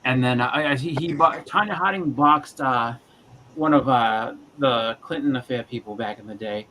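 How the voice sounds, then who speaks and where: A man's voice: mid-range voice, normal speed, pushed and bright, a little hiss or hum, low-quality recording. A man chatting casually on a livestream, telling rambling stories and acting out quotes in funny voices. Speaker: livestream co-host. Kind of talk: casual chat.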